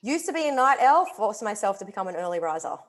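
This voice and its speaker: Very animated and fast, this woman speaks at medium pitch as a talkative guest author and wellness coach in a relaxed video-call interview, constantly saying "literally" and "like."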